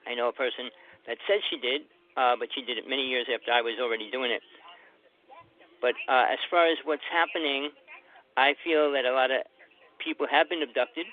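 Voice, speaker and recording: A man's voice: mid-range voice, steady tone, a little fast. An older man calling in as a guest on a radio show, chatty and rambling. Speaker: guest caller. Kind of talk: casual radio call-in. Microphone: phone. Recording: tinny phone line.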